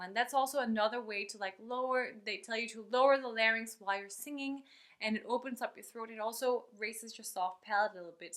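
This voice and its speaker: Woman voice teacher, higher pitch, bright tone, chatty and upbeat. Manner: upbeat and chatty, breaks off to demonstrate sounds. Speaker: vocal coach. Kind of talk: online singing lesson.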